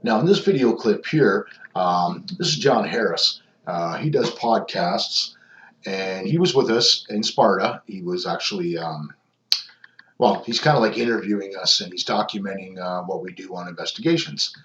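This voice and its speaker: Brief: low-pitched male paranormal investigator, rambling casual narration, echoey muffled recording. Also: moderate pace, fairly bright tone, slight background noise. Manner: rambling, many ums and restarts. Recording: echoey, dull lo-fi sound.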